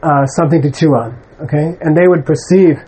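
A Buddhist teacher lectures students conversationally, his voice a bit higher than typical, dark and husky, with fairly even intonation. He emphatically brushes aside mistaken ideas and often asks "okay?". The recording is rough.

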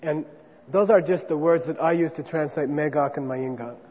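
A man lectures a class in a relaxed, conversational way, often checking in with his listeners. His voice sits fairly high for a man. The sound is dull and lo-fi, with a long hall reverb and faint noise behind. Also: normal speed. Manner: conversational, checks in with frequent 'okay?'. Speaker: teacher. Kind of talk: classroom lecture on Buddhist philosophy.

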